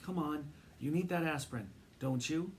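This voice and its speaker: A man voicing a small, eager, determined male mouse who pleads urgently and lets out shrill siren cries. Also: normal speed, a little hiss or hum, close to an everyday voice. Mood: pleading.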